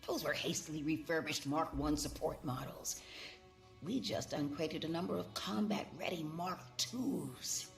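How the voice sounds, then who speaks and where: A cool, gravelly agent. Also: female voice, sits low, a little slow, soft background music. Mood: businesslike. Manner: crisp and precise. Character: cool, businesslike female agent.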